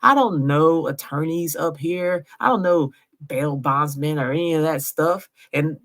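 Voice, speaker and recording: Woman, gravelly voice, insistent, emotional vlog, direct to camera, keeps asking her viewers to agree. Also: deep voice, a little slow. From Georgia, US. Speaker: vlogger.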